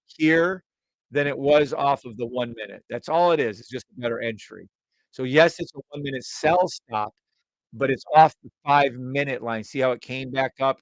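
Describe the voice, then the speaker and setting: A man's voice: medium pitch, vocal fry, dry recording. A man hosting a live trading stream, chatting to viewers and humming la-da-da tunes between chart calls. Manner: hums la-da-da tunes while reading charts; chatty, addresses viewers directly.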